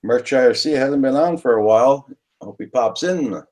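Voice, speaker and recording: A man's voice: medium pitch, normal speed, darkish tone. A man co-hosting a live drone chat stream, friendly as he welcomes viewers and sends them off.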